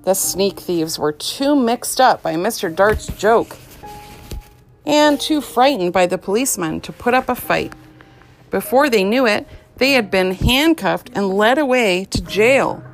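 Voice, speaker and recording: A woman narrating a children's storybook aloud with expressive, lively storytelling. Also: medium pitch, unhurried, soft background music. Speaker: audiobook narrator.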